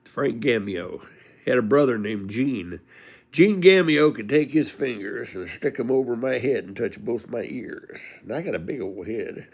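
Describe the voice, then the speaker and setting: A man's voice: mid-range voice, animated, measured pace, breathy edge. An older man from California telling rambling, folksy stories about his old buddies, chuckling as he goes. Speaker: storyteller. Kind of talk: casual spoken storytelling.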